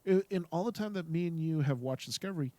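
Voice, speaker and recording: A man co-hosting a casual podcast discussion who talks in an animated way, laughs often and echoes his co-host's words. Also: on the high side, fast. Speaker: podcast co-host.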